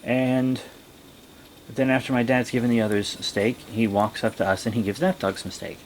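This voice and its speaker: A young man vlogging, telling a rambling story in a casual way and breaking into high, excited exclamations. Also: moderate pace, a little hiss or hum.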